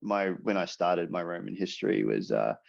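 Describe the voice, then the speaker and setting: A man appears as an author guest in a casual podcast interview, speaking hesitantly with many fillers and restarts. His voice is low and gravelly yet very animated, at a normal speed, and the audio is dull and lo-fi.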